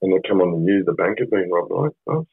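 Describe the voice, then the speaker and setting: A man's voice: low voice, quick pace, breathy edge, no echo, phone-quality sound. A middle-aged Australian man telling a story on a podcast in a blunt, sweary, rambling way, full of fillers. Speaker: podcast guest. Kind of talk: casual storytelling.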